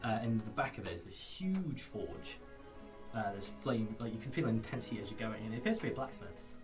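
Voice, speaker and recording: Animated game master, far from the mic. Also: male voice, on the low side, a little fast. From England. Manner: loose, filler-heavy narration, laughs easily. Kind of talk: narrating and voicing characters in a tabletop game. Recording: distant mic with background music.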